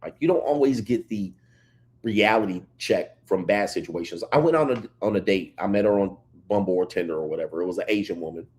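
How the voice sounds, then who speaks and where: A man hosting a casual livestream, reading chat comments and telling stories in an animated way. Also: low voice, brisk. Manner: animated storytelling, reads chat comments aloud. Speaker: livestream host.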